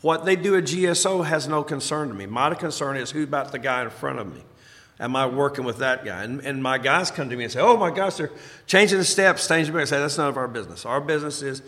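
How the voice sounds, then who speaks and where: A man's voice: medium pitch, quick pace, bright, forceful tone. A man talking casually as a sponsor, emphatic and repeating his main points. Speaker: recovery sponsor. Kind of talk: casual chat. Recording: echoey hall.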